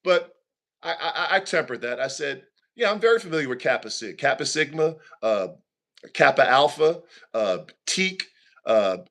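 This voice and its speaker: Bright-voiced minister telling a story. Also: male voice. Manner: animated, preacherly, shifting pitch for emphasis. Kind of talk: storytelling in a talk show.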